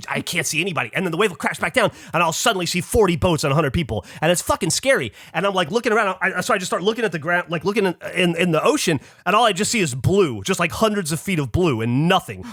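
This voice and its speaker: A man with a bright, forceful and somewhat high voice tells a story on a podcast. He is animated and swears casually as he acts out other people's lines. The sound is dry and close. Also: dry recording. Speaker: podcast host.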